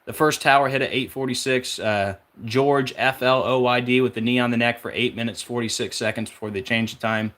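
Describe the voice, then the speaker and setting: A man's voice: medium pitch, steady tone, fairly bright tone. A man hosting a casual numerology video, rattling off number connections in a conspiratorial way and often going off track. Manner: rapid, listing numbers and links, conspiratorial; off-track, searching aloud with fillers. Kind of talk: casual rambling monologue.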